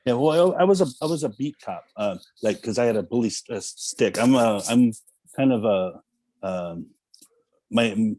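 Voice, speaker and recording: A man's voice: medium pitch, expressive, moderate pace, mellow, dry recording. A man guesting on a talk show as an actor, talking casually and self-deprecatingly with many fillers. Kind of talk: casual interview chat.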